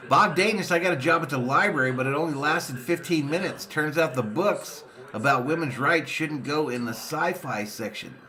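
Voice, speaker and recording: A man hosts a live fan watch party and does his own excited play-by-play. Between pitches he reads viewer comments aloud. His voice sits a little high and sounds bright and forward. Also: normal speed. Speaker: sports fan streamer and watch-party host.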